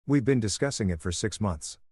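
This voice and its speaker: A man doing a quiet, icy wife, low-voiced storybook read. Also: expressive, brisk, husky, no echo, studio quality. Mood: cold. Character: cold, quiet young wife.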